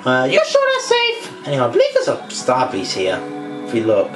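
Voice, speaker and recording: A man jokes and rambles through casual game commentary. His pitch swoops up and down constantly. The room sounds echoey, with game music under his voice. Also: normal speed. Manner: joking, rambling, animated. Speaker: gameplay commentator.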